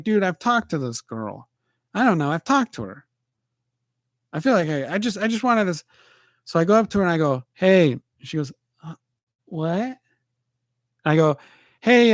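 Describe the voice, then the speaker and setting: A man hosting his own podcast, telling rambling self-deprecating stories alone, with halting restarts. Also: a little high, animated, dry recording, studio quality. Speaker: podcast host. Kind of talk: rambling solo monologue. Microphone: livestream mic.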